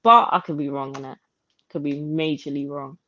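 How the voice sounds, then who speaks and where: A woman's voice: low voice, fairly even intonation, normal speed, sharp tone, dry recording. Woman podcast co-host, incredulous, mocking quotes, slightly muffled lo-fi audio, dry sound. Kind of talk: casual reality-TV commentary.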